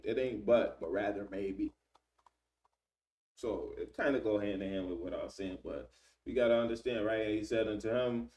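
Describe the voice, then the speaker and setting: A man reading scripture aloud and explaining it in relaxed everyday slang, often checking in with "right?". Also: fairly low pitch, unhurried, pauses often, distant mic. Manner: reads scripture then paraphrases in slang, frequent "right?". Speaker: Bible teacher. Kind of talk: casual Bible study reading and commentary.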